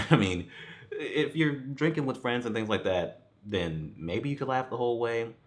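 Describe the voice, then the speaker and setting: A man's voice: mid-range voice, lively intonation, unhurried. A man giving a casual, rambling film review, laughing often and swearing freely. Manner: rambling, chuckling, profane. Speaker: movie reviewer.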